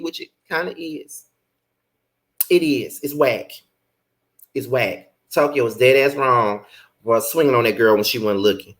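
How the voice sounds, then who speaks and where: Young guy ranting about reality tv, bright voice, sassy and cussing, big pitch jumps. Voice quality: blunt, profane, sassy commentary. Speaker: YouTube reality TV reviewer. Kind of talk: casual recap vlog.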